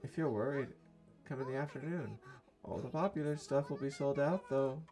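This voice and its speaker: A man's voice: medium pitch, normal speed, mellow, faint music behind, voice pushed up, close to an everyday voice. A man voicing a cheerful, airy teenage girl with a sing-song, childlike way of talking. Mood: bubbly.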